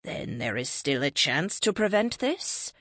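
A woman's voice: low-pitched, big pitch swings, measured pace, a bit bright, no room sound, clean studio sound, full character voice. A woman voicing a frustrated, ageless cosmic being. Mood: questioning. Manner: pressing, exasperated questions. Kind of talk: audiobook character reading.

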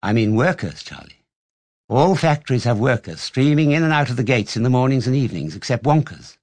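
A man gives voice to a frail old grandfather who lies in bed and loves telling tales. He speaks low and hushed, as if sharing a secret. The reading sounds close and dry, with no room around it. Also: big pitch swings, a little fast, dry recording. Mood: secretive. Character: very old bedridden grandfather, eager storyteller. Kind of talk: audiobook reading.

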